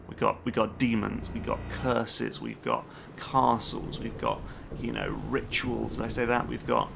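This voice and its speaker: A man's voice: mid-range voice, little pitch movement, a little slow, creaky, background noise. A man on a live stream playing a game, reading its on-screen text aloud and dropping joking asides between lines. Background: game music.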